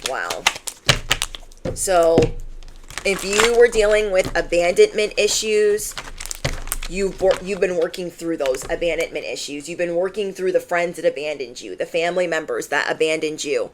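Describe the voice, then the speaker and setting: A woman's voice: on the low side, normal speed, slight background noise. A woman giving a channeled tarot reading in an emphatic, chatty way, full of "like" and asides to the listener. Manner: emphatic, conversational, fillers. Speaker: tarot reader.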